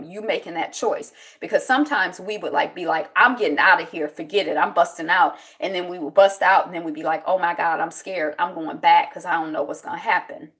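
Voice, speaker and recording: A woman hosting a casual solo commentary show, talking in a rambling, reflective way with many fillers and greeting viewers by name. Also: on the low side. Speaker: show host.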